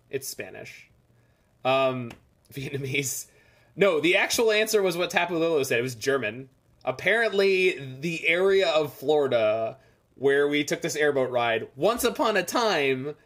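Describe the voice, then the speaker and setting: A man's voice: a little high, a bit bright. A man streaming a game, chatting casually and rambling as he reads the chat aloud. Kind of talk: casual live-stream chat over gameplay.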